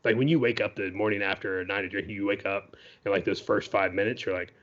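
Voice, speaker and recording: A man's voice: on the low side, fairly even intonation, quick pace, fairly bright tone, highs cut off. A man co-hosting a podcast, telling a story in a loose, chatty way, full of "you know" and "right?" asides. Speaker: podcast co-host. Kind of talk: casual storytelling.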